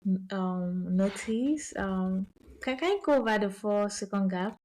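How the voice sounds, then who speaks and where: A woman hosting a podcast interview, enthusiastic and a little halting, with fillers as she asks questions. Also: mid-range voice, darkish tone, a little hiss or hum. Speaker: podcast host.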